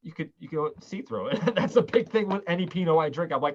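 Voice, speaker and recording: A man's voice: a little high, expressive, fast talker, slight background noise. Chatty man on a muffled video call. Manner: enthusiastic storyteller, quotes people. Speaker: wine shop host of virtual tasting. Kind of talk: casual chat.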